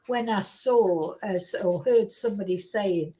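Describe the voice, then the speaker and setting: A woman's voice: mid-range voice, a little slow, warm tone, a little hiss or hum, rough recording. A woman hosting a true crime chat at her computer, talking casually and ramblingly with lots of "you know" and tag questions. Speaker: true crime channel host. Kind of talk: casual solo commentary to viewers. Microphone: computer microphone at a desk.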